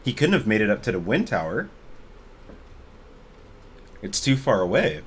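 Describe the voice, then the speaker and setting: A man's voice: fairly low pitch, very animated, a little hiss or hum. A man putting on a bubbly young archaeologist woman. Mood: chipper. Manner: bubbly, blunt, fast-talking. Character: chipper young woman archaeologist, wealthy, oddly energetic. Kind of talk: voicing a character in a tabletop game.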